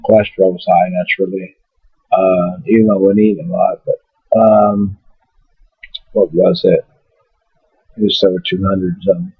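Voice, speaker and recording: A vlogger tells a personal story to his webcam, rambling bluntly and swearing freely. His lowish, husky voice comes through dry and tinny, like phone audio.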